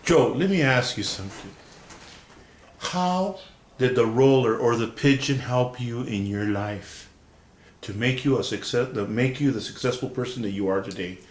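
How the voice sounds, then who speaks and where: A man's voice: medium pitch, normal speed. A man interviewing a guest, asking direct, friendly questions. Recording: echoey room.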